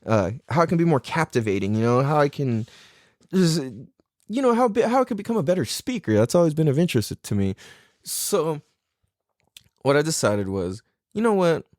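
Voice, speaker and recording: A young man hosting a podcast, telling a story in a casual, profane, animated way with frequent laughter and acted-out inner thoughts. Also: on the high side, moderate pace, dry recording, studio quality. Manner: animated, profane, laughing often, acts out his own thoughts. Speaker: podcast host.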